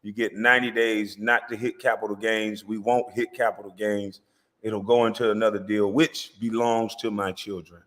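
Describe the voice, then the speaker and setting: A man's voice: fairly low pitch, flat delivery, normal speed, a bit bright. A man ranting boastfully and brashly in a casual vlog, speaking straight to viewers. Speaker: vlogger. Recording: long reverb.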